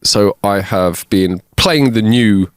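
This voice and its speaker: A man's voice: lowish voice, slow, clear, resonant tone, dry recording, clean studio sound. A man co-hosting a comedy podcast, telling jokes in a casual, laughing way. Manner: jokey, laughs often, restarts sentences. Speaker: podcast co-host. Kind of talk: casual chat.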